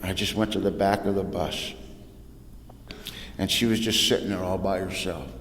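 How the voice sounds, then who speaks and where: A man from Southern California speaking at a recovery meeting podium, telling his story with humor, using casual slang, and dropping soft and low for painful parts. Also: steady tone, moderate pace. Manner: casual southern-tinged slang, "ain't", "y'all". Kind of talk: personal testimony talk. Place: hall with audience at a podium. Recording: echoey hall, faint room noise.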